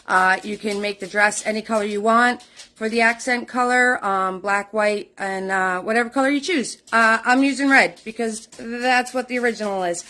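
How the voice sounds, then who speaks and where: A woman's voice: on the high side, moderate pace, bright, forceful tone. A middle-aged woman hosting a live online painting class, bubbly and chatty, calling her viewers doll and sweetheart.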